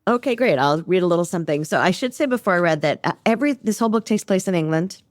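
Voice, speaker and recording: An American woman author talking animatedly about her novel and reading from it, self-deprecating and quick. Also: fairly low pitch, lively intonation, no room sound. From United States. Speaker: author guest. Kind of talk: conversational interview and reading aloud from her novel.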